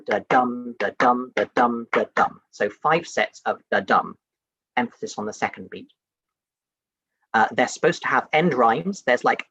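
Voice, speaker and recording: A young adult man from the UK gives a relaxed science talk, chatty and full of small fillers. His voice is a little raspy, and it sounds dry and close. The recording is dull and lo-fi. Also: medium pitch, dry recording. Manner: chatty and conversational, many fillers like "um" and "like". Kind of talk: casual lecture to an audience.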